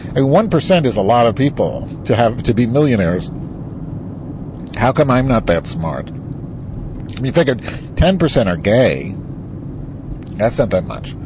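A man's low, darkish voice comes from inside a moving car, captured by a recording device with road noise underneath. Vlogging as he drives, he rambles and swears through a heated political rant.

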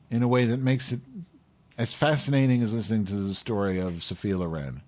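A man hosting a casual chat, telling an animated story and acting out other people's voices. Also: on the low side, a little fast.

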